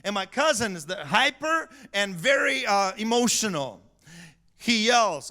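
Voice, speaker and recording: A male pastor telling a story in a sermon, animated, shouting for emphasis and laughing often. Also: very high voice, measured pace. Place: church sanctuary.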